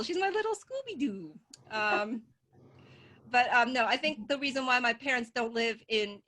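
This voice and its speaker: A woman comedian telling stories in a stand-up set over a video call, animated and laughing at her own jokes. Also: fairly high pitch. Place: at home.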